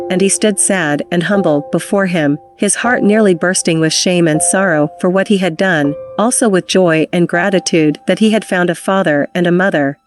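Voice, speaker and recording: Woman reading a classic novel over music. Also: fairly low pitch. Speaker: audiobook reader.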